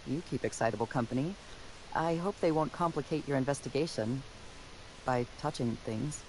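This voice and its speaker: An actor voicing a formal, dry-witted detective robot in a video game, speaking with precise deadpan delivery. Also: male voice, mid-range voice, moderate pace, a little hiss or hum, lightly acted, rough recording.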